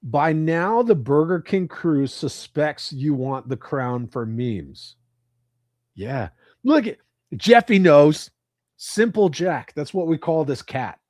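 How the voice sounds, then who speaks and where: At home with his cats, a man hosts a livestream, chatting with viewers through profane, joking banter. His fairly high voice swings widely in pitch, moves slowly and has a darkish tone, in a dry, studio-quality recording.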